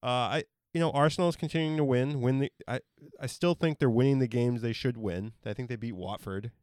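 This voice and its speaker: An easygoing man in his thirties co-hosting a casual sports podcast. His voice is smooth and clear, with a dry, close sound and no room echo. He talks in a relaxed way and hedges his claims. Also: mid-range voice, a little fast. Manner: easygoing, hedging, laughs often. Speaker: podcast co-host.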